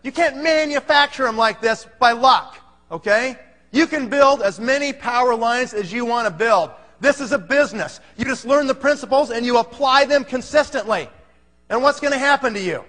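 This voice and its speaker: A man with a high, bright voice gives a motivational sales talk from a stage. He speaks in an animated way, constantly checking in with the crowd, and his voice rings with a long hall echo. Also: normal speed. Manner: animated, keeps checking in with the audience. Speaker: conference speaker. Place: large hall. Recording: reverberant hall.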